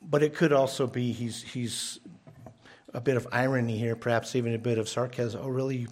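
A man's voice: fairly even intonation, moderate pace, darkish tone. Male pastor, mid-range voice, earnest sermon delivery with repeats and emphatic rises. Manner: earnest, repeats words when restarting, rises in pitch for emphasis. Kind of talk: expository sermon.

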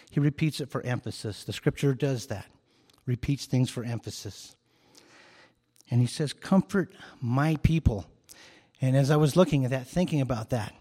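A man's voice: mid-range voice, warm tone, big-room sound. A man preaching a sermon as a pastor, earnest and emphatic, repeating key phrases for emphasis.

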